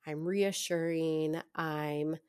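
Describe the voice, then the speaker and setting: Young woman guest on a podcast, lowish voice, rambly and chatty, laughs a lot. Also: steady tone, very slow, a little mellow, clean tone. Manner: chatty, many fillers, breaks into laughs. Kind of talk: casual storytelling in an interview.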